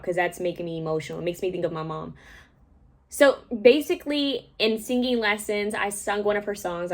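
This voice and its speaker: Young woman psychic chatting to her viewers, kinda low voice, rambly, keeps saying okay. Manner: rambling, conversational, often checks in with "okay?". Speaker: psychic medium and tarot reader. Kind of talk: casual talk to viewers.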